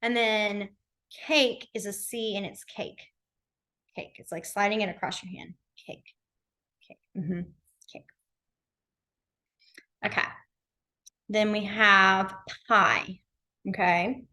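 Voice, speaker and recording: Speaking at medium pitch with a steady, sharp tone, this young sign language teacher moves slowly and leaves long pauses. She runs a beginners' class in a library classroom in a chatty way, leaning on fillers like "like" and "um."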